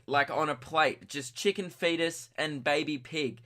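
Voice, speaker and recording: A young man in his early twenties with an Australian accent, telling a comic story on his own podcast in a rambling, self-mocking, excitable way. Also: on the high side, a little slow, few pauses. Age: early 20s. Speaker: podcast host.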